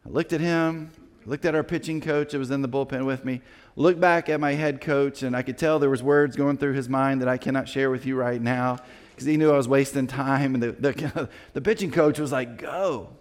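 A man preaching a sermon as a pastor, telling a personal story in a lively way and acting out the people in it. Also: mid-range voice, brisk, in a large hall. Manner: animated storyteller acting out quoted voices.

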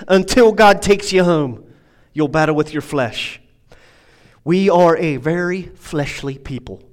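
A male pastor preaching a sermon, moving from emphatic, rising passages to quieter, reflective stretches. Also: fairly high pitch, a little slow, poor audio. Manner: preaching with swelling, emphatic delivery that drops to quiet asides.

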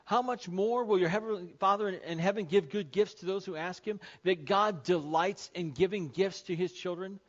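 A man preaching a sermon as pastor, emphatic, repeating key phrases and slowing down to stress them. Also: high voice, muffled recording.

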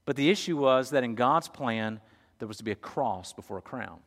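Guy preaching a sermon, storytelling, drops loud to quiet, church echo. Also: medium pitch, animated, moderate pace. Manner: storytelling, swinging from loud to hushed. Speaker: pastor. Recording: echoey hall.

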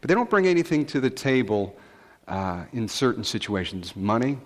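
Man, pastor, conversational sermon, mid-pitched, relaxed storytelling, many fillers, long hall echo. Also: moderate pace, slight background noise. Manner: relaxed storytelling with frequent filler words and asides.

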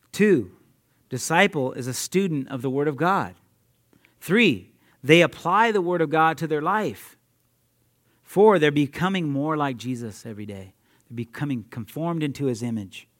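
A young adult man preaching a sermon in an energetic, conversational way, laughing often and talking straight to his listeners. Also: medium pitch. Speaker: preacher at a youth ministry.

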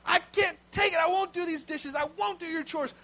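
A man putting on a frantic young boy, high, loud, pleading. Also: moderate pace. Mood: desperate. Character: panicked young boy caught in a lie.

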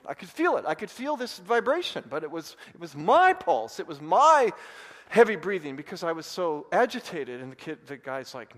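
A male pastor preaching a sermon, telling a personal story and rising to loud, excited bursts. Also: high voice, moderate pace, few pauses. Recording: long hall reverb.

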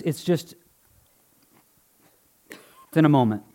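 Earnest, slightly high-voiced male pastor. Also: normal speed, long pauses, a little mellow. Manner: conversational, earnest, joking with congregation. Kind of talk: sermon with live object lesson. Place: church before a congregation.

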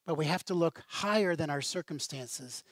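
A man preaching a sermon as pastor, with a conversational, animated style and casual asides. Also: fairly high pitch, normal speed, dry recording.

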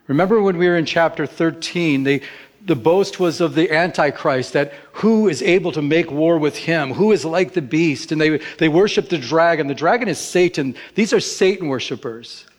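Man preaching a lively sermon. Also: moderate pace. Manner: lively, rising in pitch for emphasis. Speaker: pastor.

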